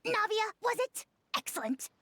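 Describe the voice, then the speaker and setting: A woman's voice: very high-pitched, big pitch swings, moderate pace, a bit bright, no echo, clean studio sound, exaggerated voice. A woman voicing a tiny, vain dragon creature in a video game who speaks grandly about himself. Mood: haughty. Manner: grandiose, self-important. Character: tiny pompous dragon lord, vain and haughty.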